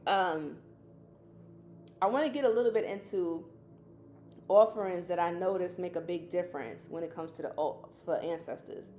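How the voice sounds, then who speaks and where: A woman's voice: on the low side, moderate pace, pauses often, dark tone, slight background noise. A woman teaching casually on a livestream, chatty and colloquial, who calls listeners baby. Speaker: spiritual teacher hosting a livestream.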